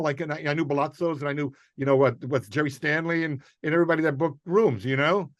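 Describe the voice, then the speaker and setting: A man's voice: a little high, quick pace, hardly any pauses, dry recording, clean studio sound. A man from New York, a guest comedian, telling a story in casual chat and acting out the quotes. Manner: animated storyteller, acts out quotes, laughs mid-story.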